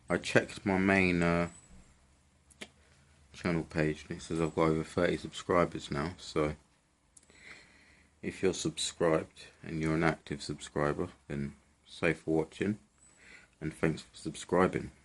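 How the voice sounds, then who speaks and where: Brief: young man, low voice, vlog rant, sweary and rambling, exasperated. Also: fairly even intonation, slow pace, pauses often. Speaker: vlogger. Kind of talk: casual rant to camera.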